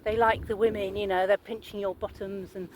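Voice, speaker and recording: A woman's voice: medium pitch, level tone, a little fast, slight background noise, poor audio. A woman, talking casually to her viewers in a rambling, chatty vlog monologue and putting questions to them. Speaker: vlogger.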